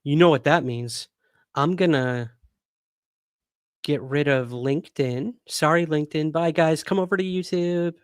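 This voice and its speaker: A man's voice: a little high, unhurried, clear, resonant tone, dry recording, clean studio sound. A man hosting a casual livestream, chatty and rambling with many fillers, hiccuping. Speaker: podcast host.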